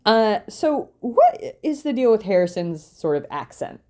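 A woman's voice: mid-range voice, sing-song, a little slow, dark tone. A young woman co-hosting a podcast, recapping a reality show in a wry, chatty way and laughing often. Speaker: podcast co-host.

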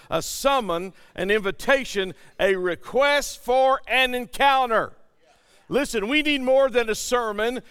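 A man's voice: high-pitched, fairly bright tone, clean tone, big-room sound. A male pastor preaching a sermon, emphatic and calling out to his congregation.

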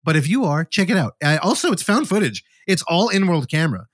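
Animated man rambling through a film recap. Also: on the high side, fairly quick, no echo. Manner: rambling storyteller, animated retelling. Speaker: podcast host reviewing films. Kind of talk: casual chat.

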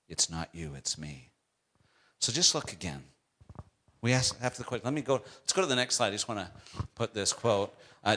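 A middle-aged man with a lowish voice delivers a sermon as the pastor. He moves from hushed, earnest passages to loud, climbing emphasis on key lines. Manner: swings from quiet intensity to loud, high-pitched emphasis.

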